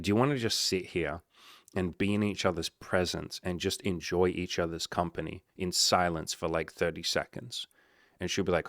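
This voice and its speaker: Man, low voice, casual swearing coach talk, dry close sound. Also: dry recording. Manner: blunt, swears often, acts out dialogue. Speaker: dating coach. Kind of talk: casual advice monologue.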